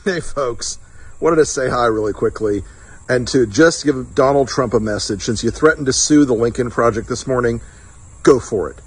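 Husky-voiced man, profane political taunt, punchy repeated lines. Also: mid-range voice, normal speed, low-quality recording. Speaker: political strategist in a played clip. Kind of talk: defiant video message.

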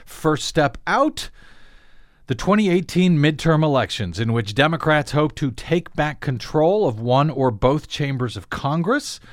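Wry talk radio host, dry studio sound. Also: male voice, mid-range voice, dry recording. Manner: wry, self-deprecating, stumbles with fillers. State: a little out of breath. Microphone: studio microphone.

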